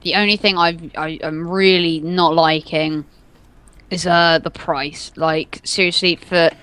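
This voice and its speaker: A young man telling a story on a gaming podcast, acting out quotes with loud yelps and laughs. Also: a little high, steady tone, unhurried, clear, resonant tone. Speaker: podcast co-host. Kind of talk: casual storytelling chat.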